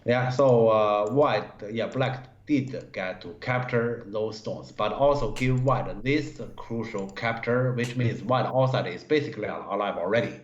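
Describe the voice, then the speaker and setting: Halting man reviewing go games. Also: fairly low pitch. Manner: halting, many fillers, broken English grammar. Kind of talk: live-stream game review. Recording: roomy, dull stream audio.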